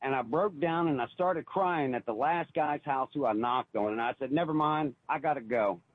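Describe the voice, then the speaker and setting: Husky-voiced man calling in by phone. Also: medium pitch, moderate pace, dry recording. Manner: earnest, emotional, repeats himself. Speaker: caller. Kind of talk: call-in radio testimony. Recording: tinny phone line.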